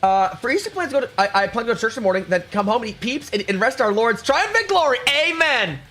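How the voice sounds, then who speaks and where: A man's voice: very high-pitched, big pitch swings, fast, sharp tone, faint music behind. A man chatting casually with his live stream chat, reading out and answering messages. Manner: chatty, reads chat aloud, upbeat. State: chewing food at times. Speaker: livestreamer.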